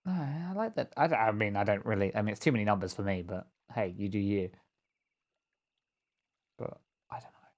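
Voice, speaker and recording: A man's voice: lowish voice, quick pace, hardly any pauses. A man joking and rambling in casual banter while playing a game with a friend on a stream, laughing often. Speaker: co-player on a stream.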